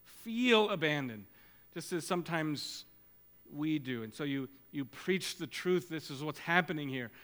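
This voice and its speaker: A man's voice: a little high, expressive, measured pace, a bit bright. A man preaching a sermon as pastor, urging his listeners on with earnest, repeated exhortations. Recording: long hall reverb.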